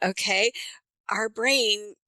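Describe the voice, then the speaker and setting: A woman speaking as an accent coach in a podcast interview, with a bright, forward voice. She explains eagerly and uses examples. The sound is dry and close. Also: medium pitch, extremely slow, dry recording, poor audio. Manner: animated storyteller, explains with examples.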